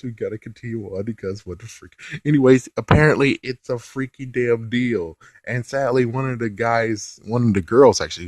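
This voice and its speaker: Lower-voiced man ranting casually. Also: dry recording, studio quality. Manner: animated, swears casually, laughs often. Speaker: TV episode reviewer.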